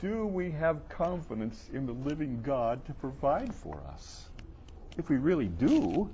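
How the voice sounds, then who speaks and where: A man preaching a sermon to a congregation, asking questions and playing out the listeners' doubts in a higher voice. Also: unhurried, lo-fi sound, a little hiss or hum. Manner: animated, voices the questioners in a high mocking tone.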